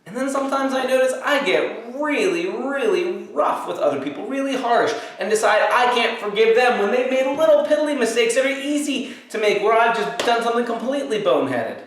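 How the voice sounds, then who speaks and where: High-voiced pastor in an echoey room. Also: male voice, lively intonation, brisk, hardly any pauses. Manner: playful storytelling, acting out both sides. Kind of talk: children's Sunday school lesson. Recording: very echoey room, mic far off.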